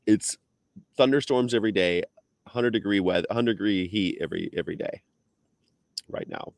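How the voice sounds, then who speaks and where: A man chatting on a live stream, his voice sitting on the low side. He laughs often and jumps into high, playful voices whenever he quotes someone. The sound is close and dry, with no room echo. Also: moderate pace, gravelly. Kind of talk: casual chat.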